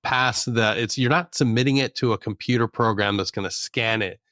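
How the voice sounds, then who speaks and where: A man's voice: mid-range voice, a little fast, bright, forceful tone, dry recording, studio quality. A man hosting a podcast, talking in a casual way and often agreeing with his guest. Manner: conversational, agreeable, says "dude" and "yeah". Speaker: podcast host. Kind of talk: casual interview chat.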